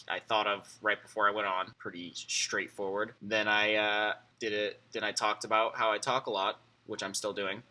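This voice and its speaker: A nineteen-year-old man from Arizona chatting casually to camera, rambling through quick asides. His voice sits fairly low yet sounds very bright and sharp. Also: poor audio. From Arizona, USA. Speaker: video uploader. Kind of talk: casual vlog introduction.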